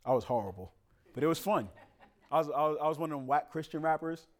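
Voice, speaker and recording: A man preaching a sermon as pastor, conversational with street slang and sudden loud emphatic rises. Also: fairly high pitch, lively intonation, fast.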